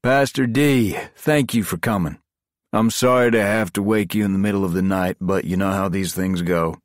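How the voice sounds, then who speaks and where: A man voicing an easygoing male team leader who talks with dry, deadpan humor and a husky voice. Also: deep voice, moderate pace, no room sound, pitched above the performer's own voice, close to an everyday voice. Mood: apologetic.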